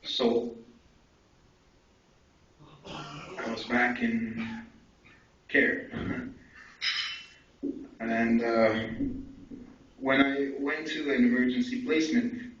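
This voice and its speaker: A man's voice: mid-range voice, very slow, long pauses. Young male speaker, candid storyteller; dull muffled recording with a faint hiss. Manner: candid, animated storytelling with asides to the crowd. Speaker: conference speaker. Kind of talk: personal story told to an audience. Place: conference hall. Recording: echoey hall from far off, dull and faintly noisy.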